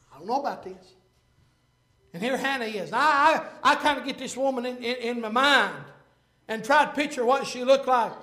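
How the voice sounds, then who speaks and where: A man preaching a sermon and reading scripture aloud, impassioned and swelling to shouts, with frequent "uh" fillers. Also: very high voice. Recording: echoey room.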